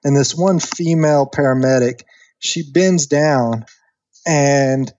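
Man, 30s, chatty animated podcast storyteller, dry dull mic. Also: medium pitch, takes it slowly, no echo. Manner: animated storyteller, acts out quoted voices, many fillers. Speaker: podcast guest. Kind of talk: casual storytelling.

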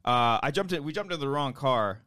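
Animated man telling a story. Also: mid-range voice, brisk, no room sound, studio quality. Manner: animated storyteller, acts out voices. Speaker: podcast co-host. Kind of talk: casual chat.

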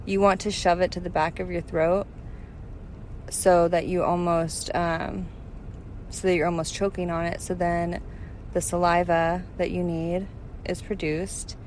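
A woman co-hosting a casual chat, calmly explaining a technique step by step with frequent ums. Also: lowish voice, unhurried, slight background noise. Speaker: podcast co-host giving advice. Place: parked car.

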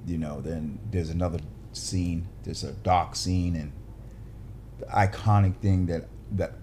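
A low-pitched man tells a story from his acting days with a lot of energy. He keeps restarting and slipping into fillers, and he acts out the people in the story as he goes. Faint background noise sits under his voice. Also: steady tone, measured pace, warm tone. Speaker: actor and guest telling a story. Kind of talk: animated anecdote storytelling.

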